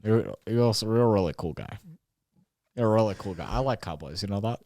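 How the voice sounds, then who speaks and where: A man's voice: fairly low pitch, quick pace, no room sound. A man playing a flustered vampire who wants to be a cowboy. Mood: wistful. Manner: rambling, flustered, lively delivery. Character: gloomy male vampire who dreams of being a cowboy. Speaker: improv comedian. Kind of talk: improvised comedy scene.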